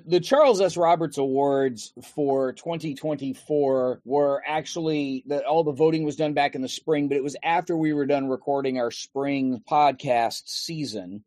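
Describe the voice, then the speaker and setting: A man hosting a podcast in a relaxed, rambling way, with fillers and restarts. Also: on the high side, no room sound. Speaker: podcast host. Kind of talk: casual podcast chat.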